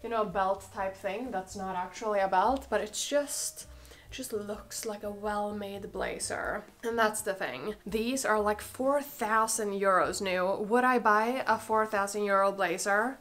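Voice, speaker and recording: A woman's voice: mid-range voice, a little slow, a bit bright. A young woman with a cold, chatting casually and gushing through a clothing try-on, full of "like" and "oh my god". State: has a cold, a bit out of breath. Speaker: fashion vlogger.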